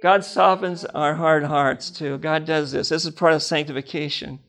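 A man's voice: fairly high pitch, steady tone, moderate pace, a bit bright. An older man preaching a personal testimony, telling stories with laughter and acting out the dialogue.

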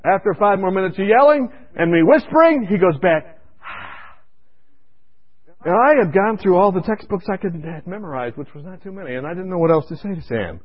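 A male preacher telling a story in his sermon, animated and conversational, dropping to a hush for asides. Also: sits high, brisk, dull audio.

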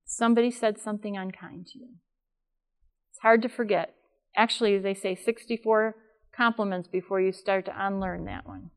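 A woman's voice: mid-range voice, fairly even intonation, moderate pace. An older woman giving a live talk to an audience in a room, chatty and asking them questions. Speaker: speaker at a workshop.

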